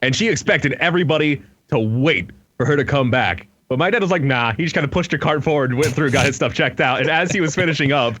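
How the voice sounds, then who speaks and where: A man's voice: on the high side, fast, hardly any pauses, fairly bright tone, no echo. A man from Florida in casual podcast chat, easygoing and amused as he tells a story about his dad. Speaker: podcast guest.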